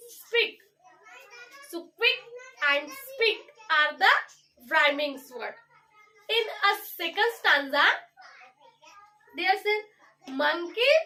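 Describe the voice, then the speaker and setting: A woman's voice: very high-pitched, sharp tone, recorded from a distance. A young Indian woman, a student teacher, giving a classroom English lesson in Indian English and spelling words out letter by letter. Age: young adult.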